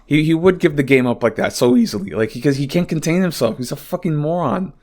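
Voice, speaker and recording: A man's voice: fairly high pitch, animated, fast talker, a little mellow. A man hosting a podcast, talking alone in a rambling, exasperated way with lots of swearing and filler words, from his home. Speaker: podcast host. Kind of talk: casual solo podcast monologue.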